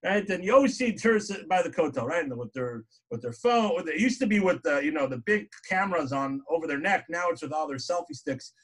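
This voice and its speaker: A man's voice: on the high side, expressive, brisk, few pauses, fairly bright tone. A man giving a religious class, telling stories with frequent "right?" asides and emphatic quoted speech. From lived in Israel. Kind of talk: sermon-style lecture.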